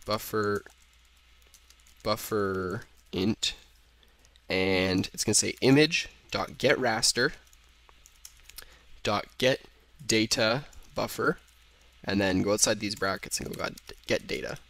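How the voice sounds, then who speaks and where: A man's voice: lowish voice, slow, pauses often, a bit bright, dry recording. Give me a young man talking casually through a coding tutorial, with a dry close recording and keyboard typing behind him. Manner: casual, thinks aloud while typing, self-corrects. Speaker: programming tutor.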